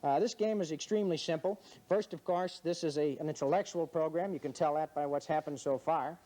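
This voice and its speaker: Male game show host with a slightly high voice, dry, teasing humor, mock-solemn delivery. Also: a little fast, mellow. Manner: wry, teasing, mock-serious. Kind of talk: joking quiz-show hosting. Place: in front of a studio audience.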